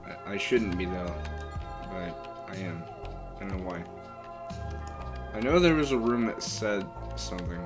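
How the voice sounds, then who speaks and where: A tired man talks his way through a game stream in rambling, mumbled asides to himself. His voice is low and his pace slow and drawn out. Music plays clearly behind him. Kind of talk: casual stream commentary.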